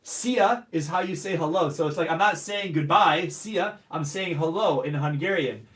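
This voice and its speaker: A man's voice: fairly high pitch, normal speed, fairly bright tone, distant mic. A man hosting a live stream Q&A, upbeat and calling out greetings to viewers from many places. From United States. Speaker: host. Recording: roomy echo, off-mic.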